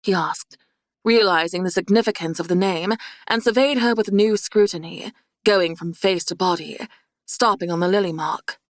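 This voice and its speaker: Low-voiced woman narrating an audiobook. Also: moderate pace, no room sound, clean studio sound. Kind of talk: scripted fantasy narration.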